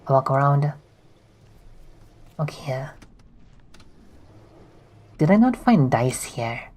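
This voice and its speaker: A game streamer reading on-screen game text aloud while playing, in a slow, plain reading manner. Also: mid-range voice, very animated, darkish tone, poor audio.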